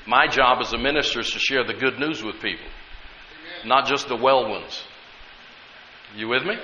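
A man preaching a sermon as pastor, emphatic, slowing down and repeating key lines for stress. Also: medium pitch, bright, forceful tone. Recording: echoey hall, dull lo-fi with hiss.

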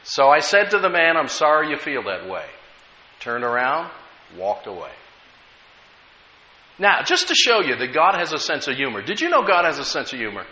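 An American man preaches in an animated, ringing voice that climbs and dips as he drives home each point. His tone is bright and a touch high, and he slips easily into storytelling. The sound is roomy and echoing, with a dull, lo-fi edge. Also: normal speed. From United States. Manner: lively preaching with rising emphasis and storytelling. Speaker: pastor. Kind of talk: sermon. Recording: echoey room, dull lo-fi sound.

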